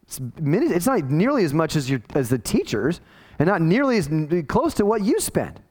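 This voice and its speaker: Animated, conversational man preaching a sermon. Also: fairly high pitch, normal speed. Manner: conversational, animated, acts out quoted voices. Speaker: pastor.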